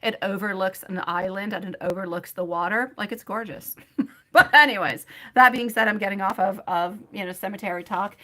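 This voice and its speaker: Bright-voiced chatty woman tarot reader. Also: medium pitch, brisk. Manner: rambling and chatty, calls viewers by pet names; laughs often. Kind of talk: live-stream tarot reading and chat with viewers.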